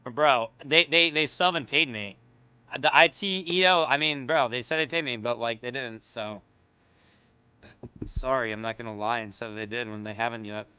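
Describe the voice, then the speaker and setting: A man's voice: mid-range voice, normal speed, bright, forceful tone, clean tone, no room sound, lo-fi sound. A young American man streaming, chatting casually and reacting with loose slang, frequent swearing and laughs. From United States.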